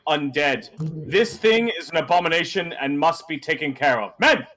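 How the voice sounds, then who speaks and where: A man's voice: on the high side, animated, normal speed, pushed and bright. A man voicing a stern, suspicious male guard commander who speaks in formal, old-fashioned commands for a tabletop game.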